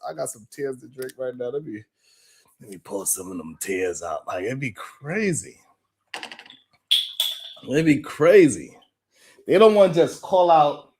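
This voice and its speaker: A man with a high voice hosts a live stream, talking in an unhurried, drawn-out way. He keeps it animated and laughs a lot, breaking off to greet people in the chat by name. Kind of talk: casual live stream commentary.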